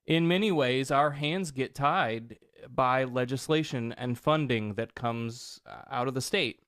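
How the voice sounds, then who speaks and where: A man hosting an interview podcast in a studio, talking in a relaxed, conversational way. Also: mid-range voice, no room sound. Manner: relaxed, conversational, quick affirmations. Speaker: podcast host. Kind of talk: casual interview.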